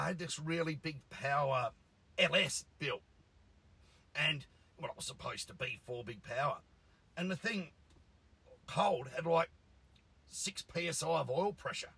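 Raspy, sweary bloke ranting. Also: male voice, on the high side, a little slow, pauses often, dry recording, low-quality recording. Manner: blunt, sweary and animated. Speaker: engine tuner. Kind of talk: casual ranting monologue.

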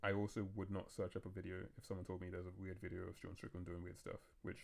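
Man, podcast host, casual chat, low flat voice, rapid rambling delivery. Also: vocal fry. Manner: fast, rambling, self-interrupting talk.

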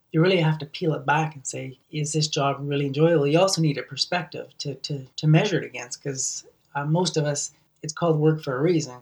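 A man's voice: on the high side, distant mic. A man hosting a solo podcast, talking earnestly and often repeating words as he restarts sentences. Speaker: podcast host.

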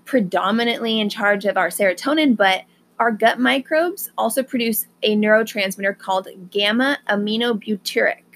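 A woman hosting a podcast, talking casually and gently with frequent fillers, then guiding a calm meditation. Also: mid-range voice. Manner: slow, gentle, soothing delivery with fillers. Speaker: podcast host.

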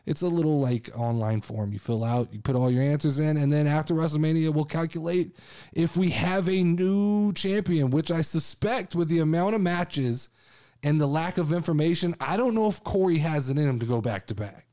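A man with a fairly high voice hosts a casual chat show. He rants with excitement and swears freely, and his energy keeps rising. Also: normal speed. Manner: excitable, profane ranting. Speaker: podcast host.

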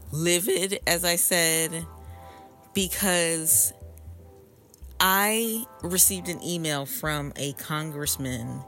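A woman with a notably low voice hosts her own podcast, chatting straight to her listeners. Her delivery is animated and expressive, jumping from relaxed asides to emphatic outbursts. Faint music sits behind her. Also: extremely slow. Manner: animated and expressive, swinging between calm asides and exclaimed outbursts; chatty and conversational, addressing listeners directly. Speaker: podcast host. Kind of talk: casual solo podcast monologue. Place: home recording space in Brooklyn.

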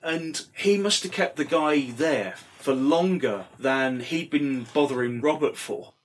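A man's voice: on the high side, a little slow, a little hiss or hum. A middle-aged man telling a rambling anecdote, casually swearing and full of fillers. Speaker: storyteller.

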